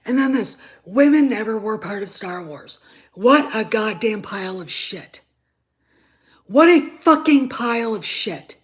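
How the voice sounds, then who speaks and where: A woman's voice: on the high side, lively intonation, measured pace. Furious profane woman ranting. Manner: profane, swings from shouting to muttered asides; repeats herself, stammers when worked up. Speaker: show host. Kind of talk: angry ranting commentary.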